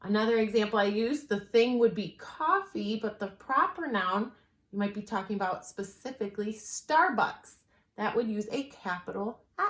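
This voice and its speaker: A woman's voice: mid-range voice, expressive, fairly bright tone. Patient woman teacher in echoey room. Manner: clear, patient explaining with slow stressed examples. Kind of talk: classroom writing lesson.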